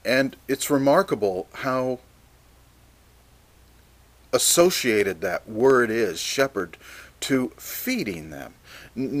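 A man preaching a Bible teaching sermon, measured and deliberate, reading scripture passages aloud. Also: mid-range voice.

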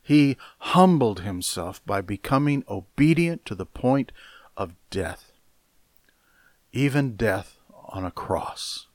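Slow, deliberate male Bible teacher. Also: fairly low pitch, very animated, dry recording, clean studio sound. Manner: deliberate, measured, explaining word by word with emphatic stresses. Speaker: preacher.

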